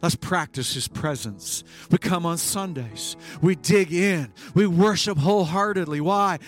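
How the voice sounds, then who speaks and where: A male pastor preaching a sermon, swinging between hushed lines and emphatic bursts. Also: fairly high pitch, unhurried, hardly any pauses, soft background music.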